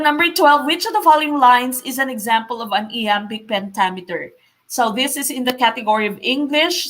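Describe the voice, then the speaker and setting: A woman's voice: on the high side, a bit bright. A woman with a Filipino accent teaching an exam review on a live stream, explaining step by step and switching between Tagalog and English. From Philippines. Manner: explains slowly, mixing Tagalog and English, repeats key points.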